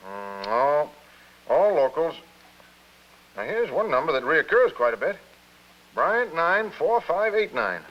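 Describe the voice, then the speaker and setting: A wisecracking hotel clerk. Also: male voice, on the high side, sing-song, takes it slowly, pauses often, fairly bright tone, heavily acted. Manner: wisecracking and dismissive. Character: cynical male hotel clerk. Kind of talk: 1950s television drama acting. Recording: dull lo-fi film sound.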